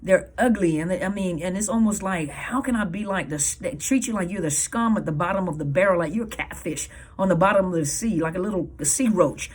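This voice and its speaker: Husky, earnest woman giving advice. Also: lowish voice, a little fast, few pauses. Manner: earnest, emphatic, repeats key points. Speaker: counselor and coach. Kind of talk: advice talk to viewers.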